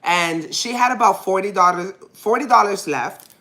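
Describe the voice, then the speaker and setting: A woman's voice: mid-range voice, normal speed, pushed and bright. A mother hosting her own podcast, telling a personal story in a candid, rambling way and laughing when nervous.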